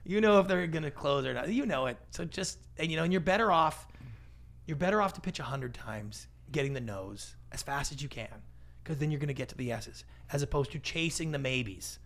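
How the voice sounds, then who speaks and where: A middle-aged man, a pitch expert, appears as a guest on an interview podcast, his voice gravelly with a creaky edge. He speaks casually, animatedly and briskly, slightly high and bright, and expressively mimics the voices of people he quotes.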